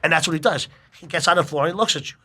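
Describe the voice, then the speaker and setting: A middle-aged man telling a long personal story in casual chat, animated and full of swearing. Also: fairly high pitch, rapid-fire, husky.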